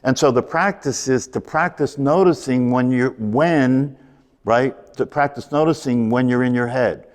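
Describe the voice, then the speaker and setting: A man gives a meditation talk at an ordinary pitch, circling back over his points and throwing questions to the class. His voice rings out in a room with a long reverb tail. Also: unhurried. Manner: repetitive, emphatic, asks rhetorical questions. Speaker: meditation teacher. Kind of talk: spoken meditation teaching.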